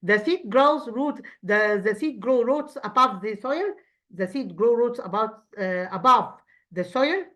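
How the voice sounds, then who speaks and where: A woman teacher with an Egyptian accent, a native Arabic speaker, explaining an English lesson to children with halting restarts and quizzing questions. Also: medium pitch, expressive, a bit bright. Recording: dull lo-fi sound.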